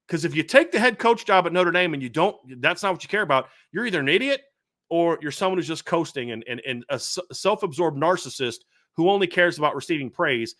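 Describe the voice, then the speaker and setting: A middle-aged man hosting a sports show launches into a fired-up commentary rant. His voice sits high and swings widely in pitch. He hammers his points with emphatic repetition and a bright, forceful edge. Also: lively intonation, brisk. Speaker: sports podcast host.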